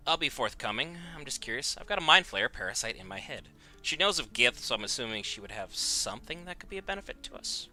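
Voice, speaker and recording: A man's voice: mid-range voice, very animated, quick pace, pushed and bright, soft background music. A man giving casual gameplay commentary as host of a gaming channel, joking and offhand, often talking to himself.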